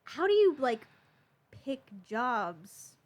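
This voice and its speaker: A woman's voice: high voice, big pitch swings, extremely slow. A woman co-hosting a casual podcast, rambling through questions and swearing freely. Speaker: podcast co-host.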